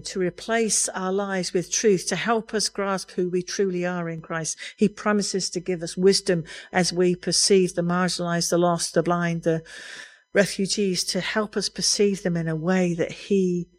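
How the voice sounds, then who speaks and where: A woman's voice: on the low side, steady tone, measured pace. A middle-aged woman preaching a sermon in an earnest, conversational way, laughing lightly now and then.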